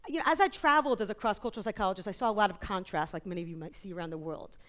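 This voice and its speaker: An author and psychologist from New York, USA, is the guest in a conference interview talk on stage. Her voice is mid-pitched, and she's an animated storyteller who slips in quick asides and jokes.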